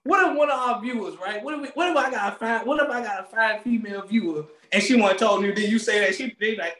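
A man co-hosting a podcast, ranting loudly with swearing and frequent laughter, speaking. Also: sits high, quick pace, few pauses, roomy sound. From Maryland, USA. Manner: loud, animated, swearing, laughing often. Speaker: podcast co-host. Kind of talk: casual comedic rant.

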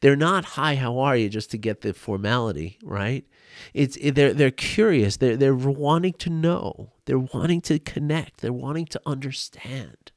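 A man talks straight into a desk microphone on his own podcast, earnest and a little rambling, stumbling over his words and circling back to them. His voice sits at an everyday middle pitch, and the room is dry and close with no echo. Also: measured pace. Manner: earnest, rambling, frequent restarts and repeated words. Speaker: podcast host. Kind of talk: casual solo talk on men's mental health. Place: home desk.

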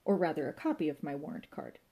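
A brisk, officious police inspector, put on by a woman reading a storybook aloud. He speaks in formal, clipped orders, firm and self-important, with a low, mellow tone under the bluster. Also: huge pitch swings, creaky, breathy edge, full character voice.

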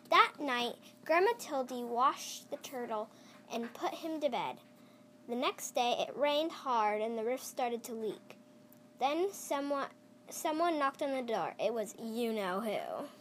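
A child reading a picture book aloud, slowly and with small stumbles and restarts. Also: high-pitched, fairly bright tone, a little hiss or hum. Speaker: storyteller.

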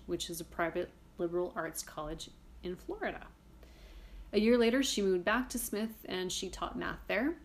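A woman hosting a casual history podcast, chatty and irreverent, swearing casually while reading from her notes. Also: medium pitch. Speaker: podcast host.

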